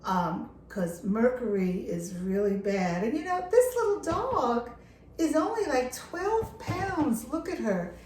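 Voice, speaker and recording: With a high, sing-song voice that is slow and a little mellow, a middle-aged woman talks casually to camera indoors at a lake house. She's a dog care vlogger, earnest and impassioned, hitting key words hard. The audio is reverberant, with a little hiss or hum.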